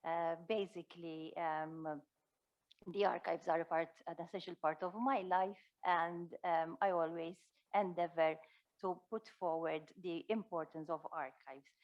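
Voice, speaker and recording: A woman chairing a conference session as moderator, formal and measured, with hesitant pauses. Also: fairly low pitch, steady tone. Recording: dull lo-fi sound.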